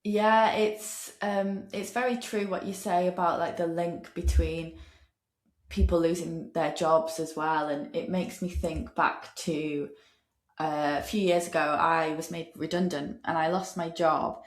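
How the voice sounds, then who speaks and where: A woman's voice: lowish voice, steady tone, unhurried, reverberant. A woman hosting a podcast interview, sharing personal thoughts and asking reflective questions. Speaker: podcast host. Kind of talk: interview conversation.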